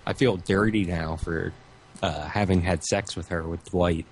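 Deep-voiced male co-host who trades crude banter in short, dry replies; faint background noise. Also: fairly even intonation, unhurried.

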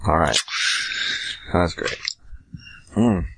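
A man's voice: sits low, drawn-out words, fairly bright tone, slightly rough, dry recording. A man hosting prank calls, chatting crudely and laughing between calls. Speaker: prank call host.

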